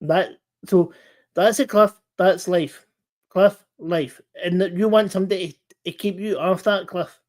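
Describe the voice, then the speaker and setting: A man hosting a casual live-stream chat, talking earnestly in halting bursts with many restarts and repeated words. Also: high voice, steady tone.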